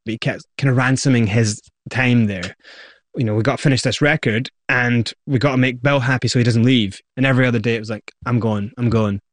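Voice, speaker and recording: A man, the guest in an interview, retelling his past with lively acted-out quotes. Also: medium pitch, quick pace, no room sound. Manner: animated retelling, acts out quoted voices. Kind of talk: storytelling interview.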